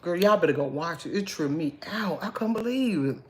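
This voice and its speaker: Animated chatty woman livestreaming. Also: lowish voice, a little fast. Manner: chatty, animated, greets viewers by name. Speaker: livestream host. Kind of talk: casual livestream chat with viewers.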